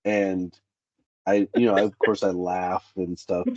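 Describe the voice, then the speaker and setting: A man's voice: low voice, takes it slowly, no room sound, muffled recording. A man in a candid interview, a safety specialist who tells workplace stories and acts out the dialogue. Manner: animated, acts out quoted dialogue.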